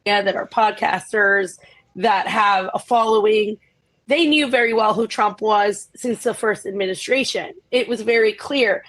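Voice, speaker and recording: A woman's voice: medium pitch, measured pace, a bit bright, low-quality recording. A woman giving casual political commentary in a pointed, emphatic way.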